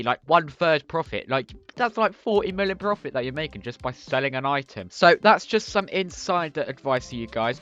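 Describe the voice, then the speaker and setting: A man's voice: mid-range voice, a bit bright. A young man giving Minecraft money-making tips in a playful, self-mocking chatty video, often turning aside to tease his viewers. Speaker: Minecraft YouTuber. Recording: dull, lo-fi and dry.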